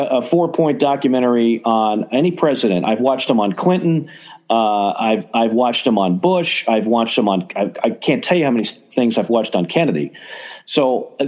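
A male podcast host in casual sports talk. He rambles eagerly through his opinions, circling back and restarting his sentences, at a mid male pitch. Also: a little mellow.

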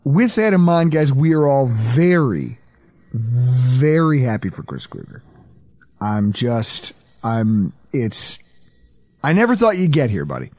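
A man's voice: takes it slowly, dry recording. A man hosting a podcast in casual banter, telling stories with jokes and mocking impressions. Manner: animated, jokey storyteller with high mocking impressions. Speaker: podcast host.

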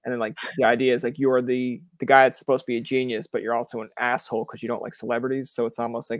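A young man from Canada hosts a podcast in a relaxed, talkative way. He riffs through stories, acts out what people said, and swears without a second thought. His voice sits in a middle pitch, recorded close and dry with no room sound. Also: rapid-fire, hardly any pauses, no echo. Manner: animated storyteller who acts out quoted voices, swears freely. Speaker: podcast host. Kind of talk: casual interview chat.

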